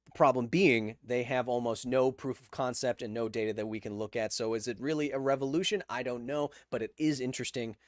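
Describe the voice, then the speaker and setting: A man's voice: medium pitch, fairly even intonation, a little fast, no room sound, studio quality. A man in his thirties hosting a casual livestream podcast, chatting loosely and jokingly reading viewer messages aloud. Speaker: podcast host reading live chat.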